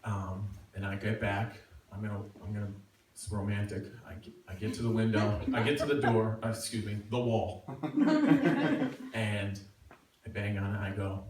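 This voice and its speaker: A middle-aged man telling a personal story live, self-mocking and animated. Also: fairly low pitch, normal speed. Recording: echoey room, far from mic, faint noise.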